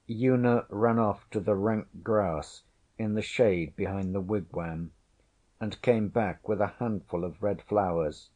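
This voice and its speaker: A man reading a classic story aloud as narrator, in a measured, even storytelling manner. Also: lowish voice. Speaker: audiobook narrator. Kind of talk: scripted narration.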